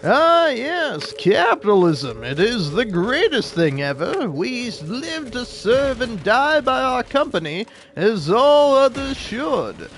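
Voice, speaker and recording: A man's voice: extremely high pitch, sing-song, slow pace, few pauses, fairly bright tone, voice pushed up, full character voice. A man voicing a pompous, profit-obsessed male corporate boss with a haughty, theatrical manner and crude outbursts.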